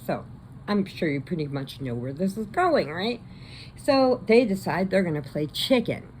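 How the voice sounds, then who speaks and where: A woman casually retelling a movie plot, chatty, slipping into quick voices for the characters. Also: fairly low pitch, very animated, darkish tone, slight background noise. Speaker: crochet vlogger.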